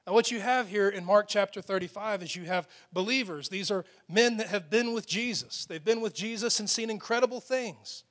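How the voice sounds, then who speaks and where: High-voiced man preaching with emphasis. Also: moderate pace, few pauses. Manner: emphatic preaching, dropping to hushed tones for quoted lines. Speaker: pastor. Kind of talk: sermon. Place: church with a loud PA system.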